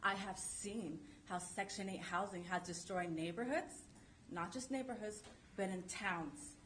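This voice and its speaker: A woman's voice: mid-range voice, fairly bright tone, a little hiss or hum. A woman speaking as a resident during public comment at a city council meeting, emphatic and insistent, repeating her points.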